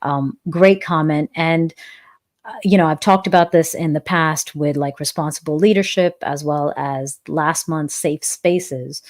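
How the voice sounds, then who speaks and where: Low-voiced woman hosting a live chat. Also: steady tone, measured pace. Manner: earnest, reflective, repeats phrases for emphasis. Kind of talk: live-stream Q&A, reading chat comments.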